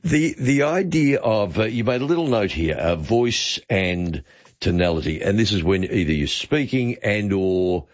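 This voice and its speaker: Older aussie radio host, low voice that swings around a lot, lots of uhs, bit dull sound. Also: male voice, lively intonation, measured pace. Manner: chatty, hesitant with fillers. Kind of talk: casual radio chat. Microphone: studio microphone with headphones.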